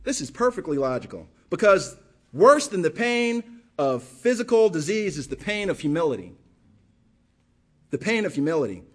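A man's voice: fairly high pitch, big pitch swings, moderate pace. A male pastor preaching a sermon with passion, firing rhetorical questions and repeating phrases for emphasis.

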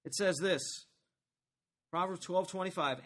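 A man preaching a sermon as pastor, talking to the congregation in a conversational, animated way and asking them questions. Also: on the high side, brisk.

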